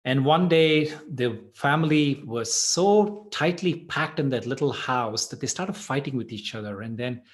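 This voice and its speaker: A man leading a meditation gathering, telling a parable and reflecting on gratitude in a gentle, thoughtful way. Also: mid-range voice, unhurried, hardly any pauses. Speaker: meditation teacher. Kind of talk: storytelling and reflective talk.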